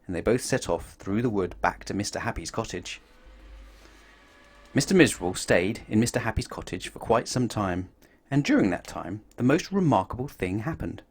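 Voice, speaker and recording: Man reading a children's book aloud. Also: medium pitch. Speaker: children's story reader.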